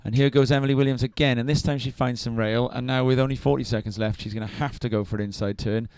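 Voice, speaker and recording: A man's voice: medium pitch, steady tone, quick pace, a little mellow, smooth, no room sound. A man doing live surf contest commentary, chatty and enthusiastic as he trades remarks with his co-host.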